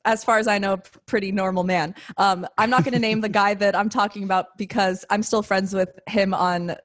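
A woman's voice: medium pitch, fairly even intonation, fairly quick. A woman in her twenties co-hosting a podcast, telling a rambling story in casual chat with frequent laughs. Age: 20s. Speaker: podcast co-host.

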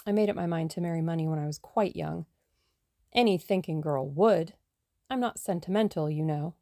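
A woman voicing a plucky, scheming young woman adventurer in a brisk, self-assured way. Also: on the low side, dark tone, no room sound, studio quality, natural voice.

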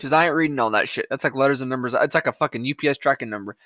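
A man's voice: mid-range voice, rapid-fire, sharp tone, dry recording. A man hosting a podcast, reacting to headlines in a rambling, profane, sarcastic rant. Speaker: podcast host. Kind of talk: casual news-reaction rant.

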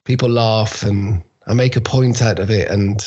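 A man speaking as a guest speaker in a casual interview over a video call, relaxed and laughing easily. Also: on the low side, normal speed, slightly rough, highs cut off.

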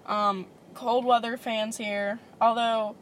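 Young woman, podcast co-host, casual and foul-mouthed, slightly high voice. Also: little pitch movement, slow, slight background noise. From Louisiana, US. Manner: profane, blunt, laughs often. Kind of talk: casual chat.

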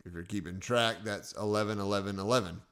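A man's voice: on the low side, fairly even intonation, fast, gravelly, a bit bright. Chatty, self-joking male podcast host. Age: 40s. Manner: chatty and self-joking, chuckles at his own lines. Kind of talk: casual podcast monologue telling personal stories. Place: podcast studio.

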